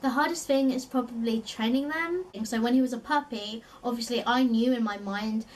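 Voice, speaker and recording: A woman's voice: on the high side, normal speed, distant mic, a little hiss or hum, rough recording. Chatty young London woman vlogger. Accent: South East London. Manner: chatty, lots of "like" fillers, laughs often. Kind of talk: casual chat.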